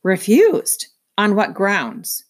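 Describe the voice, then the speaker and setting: A woman's voice: on the low side, expressive, unhurried. A woman voicing a proud young princess in a read-aloud, abrupt and indignant.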